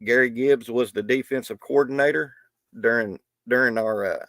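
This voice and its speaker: A man's voice: mid-range voice, moderate pace, fairly bright tone, no room sound, clean studio sound. A middle-aged man hosting a live stream, talking in a rambling, folksy way with many restarts. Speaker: livestream host. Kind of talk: casual live stream talk.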